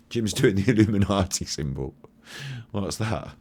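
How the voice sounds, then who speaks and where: A man's voice: fairly low pitch, lively intonation, normal speed, darkish tone. A man streaming casual commentary over a video clip, chatty, laughing and swearing.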